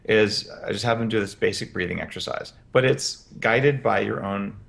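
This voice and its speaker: A man as a podcast guest, explaining practical health advice in an energetic interview. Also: on the low side, normal speed, creaky. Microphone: headphones with podcast mic.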